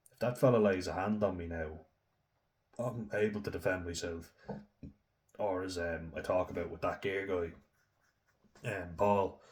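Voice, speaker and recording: Deep-voiced man, frank and sweary. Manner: frank, sweary, reflective, with many fillers like "you know". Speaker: vlogger. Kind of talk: candid personal vlog talk.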